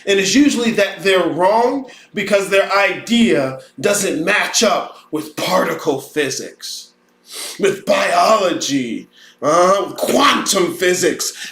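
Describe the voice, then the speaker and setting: A man's voice: sits high, lively intonation, slow pace, fairly bright tone. A man hosting a podcast, ranting bluntly and profanely in casual talk and sometimes mocking other people's voices. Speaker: podcast host. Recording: roomy echo.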